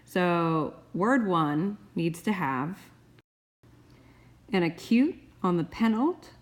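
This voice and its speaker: A woman professor calmly explaining grammar rules step by step in a recorded tutorial, with playful asides. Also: on the low side, slow pace. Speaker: Ancient Greek professor.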